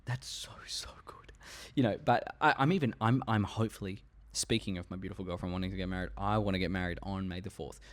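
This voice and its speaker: Young male commentator, lowish voice, rambling and profane. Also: fast, hardly any pauses. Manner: rambling, restarts, frequent swearing. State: tired, yawning. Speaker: YouTube commentator. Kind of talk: casual unscripted talk to camera.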